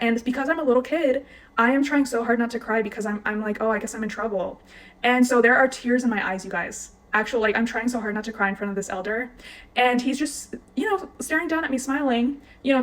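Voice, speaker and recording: A young woman telling a personal story to her viewers in a casual, chatty way, full of fillers and asides. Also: on the high side. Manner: chatty, frequent "like" and "you guys". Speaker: vlogger.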